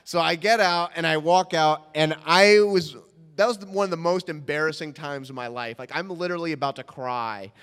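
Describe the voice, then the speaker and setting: A young man telling a personal story in an animated way, acting out the quotes, in a hall with a long echo. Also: on the high side, normal speed, clean tone.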